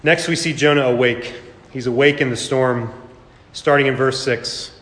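A man's voice: medium pitch, fairly even intonation, moderate pace, fairly bright tone. A middle-aged man preaching a sermon as a pastor, with earnest emphasis that rises and falls. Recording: echoey hall, long reverb.

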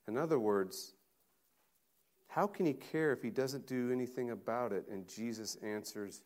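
A man preaching a sermon in a deliberate, emphatic way, with long pauses between phrases. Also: medium pitch, a little mellow.

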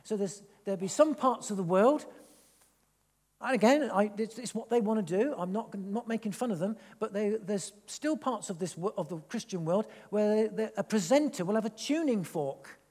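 A man's voice: high-pitched, normal speed. Man preaching in an echoey hall. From England. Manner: animated, rambling, with many restarts. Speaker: pastor. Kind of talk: sermon. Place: church hall.

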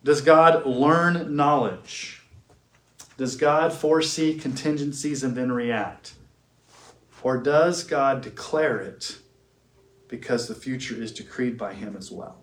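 A man giving a classroom theology lecture. He asks questions, answers them himself, and slows down to stress key words. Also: mid-range voice. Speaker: teacher. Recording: echoey room.

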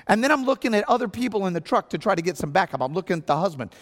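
A man's voice: high voice, sing-song, very fast, a bit bright. A man preaching as a pastor, telling a story with acted-out outbursts and a conversational sermon delivery. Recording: long hall reverb.

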